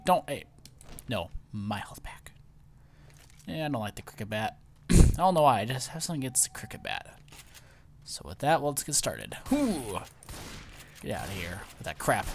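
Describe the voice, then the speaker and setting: A young man hosting a casual gameplay commentary, excitable and often startled. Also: medium pitch, vocal fry. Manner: excitable, lots of startled exclamations. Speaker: let's play host.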